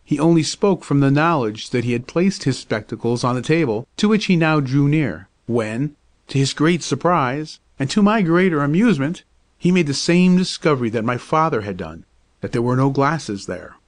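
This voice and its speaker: A man narrating an old-fashioned storybook tale. He reads at a measured, even pace. His voice sits at a middling pitch. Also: dry recording.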